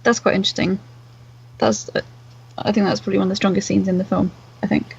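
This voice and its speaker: A podcast co-host chatting quickly and agreeably about a film. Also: medium pitch, flat delivery, gravelly, breathy edge. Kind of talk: casual film review chat. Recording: muffled lo-fi mic.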